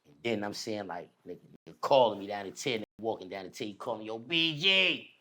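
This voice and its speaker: A man telling a long personal story in casual, slangy street talk, animated as he retells it. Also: lowish voice, racing. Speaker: podcast guest.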